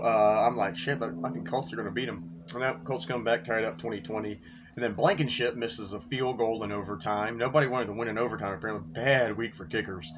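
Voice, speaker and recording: A man hosting a sports podcast, rambling through game results and his bets in a casual, profane, excitable way. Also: fairly low pitch. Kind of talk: casual sports recap and betting talk. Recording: dull lo-fi recording with faint noise.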